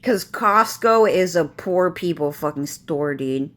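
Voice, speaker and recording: A woman's voice: lowish voice, lively intonation, takes it slowly, fairly bright tone. A woman vlogging from home, ranting to camera in a rambling, agitated way with constant swearing and repetition.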